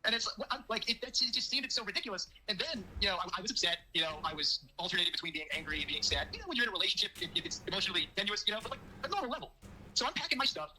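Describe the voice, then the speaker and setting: A man's voice: sits high, expressive, rapid-fire, sharp tone, a little hiss or hum, rough recording. A man telling his side of a breakup on a live stream, rambling and quoting what others said. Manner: rambling, full of fillers, quotes others. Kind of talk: casual storytelling on a live stream.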